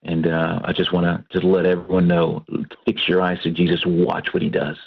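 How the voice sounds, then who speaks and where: A man from Texas, a pastor and Christian counselor, giving an animated personal testimony in a radio interview. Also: low voice, normal speed, creaky, husky. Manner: animated storytelling, acts out quoted voices. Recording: dull lo-fi radio broadcast.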